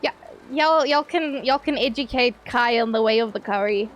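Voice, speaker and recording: A woman's voice: on the high side, moderate pace, dull audio. A young woman streaming live, chatting playfully with her viewers, swearing casually and laughing often.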